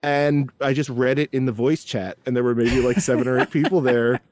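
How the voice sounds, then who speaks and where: A man's voice: medium pitch, brisk, a little mellow, no room sound. A man calling in to a podcast, chatting casually and rambling with lots of "like.". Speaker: caller. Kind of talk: casual chat.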